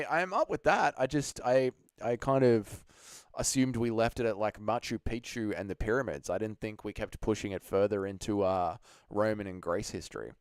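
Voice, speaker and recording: A man's voice: mid-range voice, a little mellow, clear, resonant tone, no echo, studio quality. A man hosting a casual livestream, swearing freely, laughing often and answering chat messages. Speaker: livestream host.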